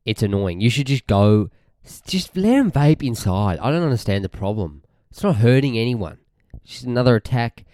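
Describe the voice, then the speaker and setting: A young Australian man hosts a podcast in a mellow, medium-pitched voice at normal speed, recorded dry with studio quality. Very animated, he rants casually in a rambling, irritated, sweary way and often trails off mid-sentence.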